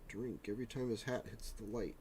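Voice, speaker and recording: A man's voice: lowish voice, fairly even intonation, brisk, a little mellow, a little hiss or hum. A man in his forties hosting a live stream, chatting casually and joking while painting miniatures in his home hobby room. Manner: rambling, joking, self-deprecating asides. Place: home hobby room with a printer and air purifier.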